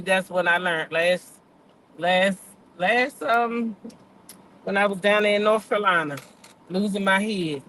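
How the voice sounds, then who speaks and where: An older woman hosts a casual gossip livestream, chatty and blunt, swearing freely and repeating points for emphasis as she talks straight to her live chat viewers. Her voice is lowish with a fairly bright tone, and there's a little hiss or hum in the audio.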